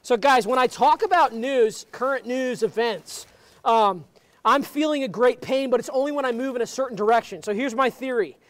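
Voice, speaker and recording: A man hosting an improvised comedy show, rambling to his chat and yelling in mock pain. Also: extremely high pitch, normal speed, no echo.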